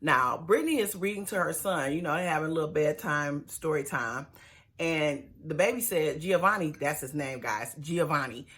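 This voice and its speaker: A woman's voice: deep voice, expressive, moderate pace, fairly bright tone. A woman giving a sassy, chatty recap of a reality show, with slangy asides to her viewers. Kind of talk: casual TV episode recap.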